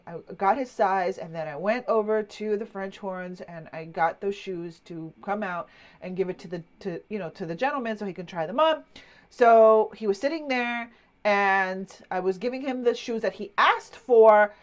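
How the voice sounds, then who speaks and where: A woman in her fifties, a marketing coach, telling a personal story in a chatty, animated way with many asides. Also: medium pitch, normal speed. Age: 50s.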